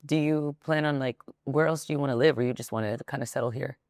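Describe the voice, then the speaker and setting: A woman's voice: extremely low pitch, quick pace, a little mellow, dry recording, clean studio sound. A woman hosting a podcast, chatty and giggly, with lots of fillers. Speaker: podcast host. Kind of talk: casual interview chat.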